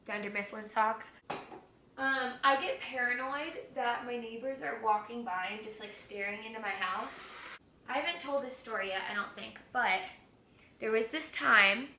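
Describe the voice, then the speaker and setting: A young woman with a bright, forceful voice talks loosely and giggles between stories as she cooks. She swears without a second thought. The kitchen rings with echo, and a faint room hum sits behind her. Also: a little high, normal speed. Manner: candid, giggly and profane. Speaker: vlogger. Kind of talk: casual chat. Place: home kitchen.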